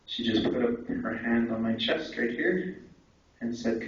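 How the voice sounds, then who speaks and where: A man's voice: mid-range voice, sing-song, measured pace, vocal fry, highs cut off. Young man, candid storytelling testimony, lots of "eh", distant in a very echoey hall. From Canada. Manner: candid storytelling with frequent "eh" and "right". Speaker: conference speaker. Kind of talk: personal testimony talk. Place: large echoey conference hall.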